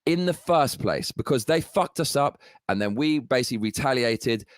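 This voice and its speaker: A man's voice: mid-range voice, animated, moderate pace, no room sound, clean studio sound. A man delivering an angry, profane political rant, heated and sarcastic throughout. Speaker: political commentator.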